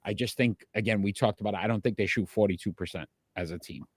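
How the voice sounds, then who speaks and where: A man hosting a casual sports talk show, chatty and quick to laugh, calling out to his live viewers. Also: on the low side, breathy edge, dry recording, studio quality. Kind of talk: casual sports picks chat.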